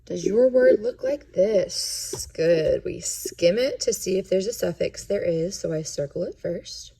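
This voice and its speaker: A woman teaching a classroom lesson, walking students through each step aloud in a clear, methodical way. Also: fairly low pitch, a little slow, dark tone. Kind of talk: classroom instruction on syllabication.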